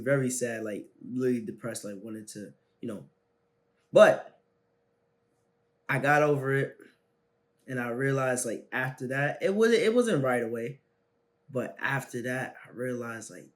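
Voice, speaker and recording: A young man hosting a self-help video speaks a little slowly at medium pitch, leaving long pauses. Telling a personal story, he uses animated, slangy casual talk that moves between loud bursts and quiet asides.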